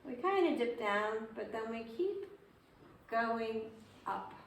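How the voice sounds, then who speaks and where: A woman's voice: on the high side, expressive, takes it slowly. A woman teaching a group piano class, patiently asking her students questions and repeating their answers. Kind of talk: group music lesson. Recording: roomy, distant, faint noise.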